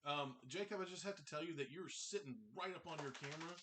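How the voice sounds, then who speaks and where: A man's voice: on the high side, quick pace, bright, forceful tone. A man running a tabletop game as game master over a video call, often restarting and repeating words as he narrates.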